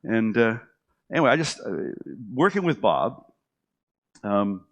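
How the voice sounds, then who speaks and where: A man's voice: on the low side, a little slow. A middle-aged man telling his own story casually, with lots of fillers and restarts, acting out what others said to him. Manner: animated, acts out quoted dialogue with many fillers and restarts.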